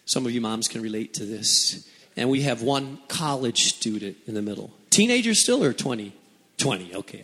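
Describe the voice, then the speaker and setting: A man's voice: medium pitch, a bit bright. A male pastor preaching a sermon to a congregation, dramatic and repeating phrases for emphasis. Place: church hall before a congregation. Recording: long hall reverb.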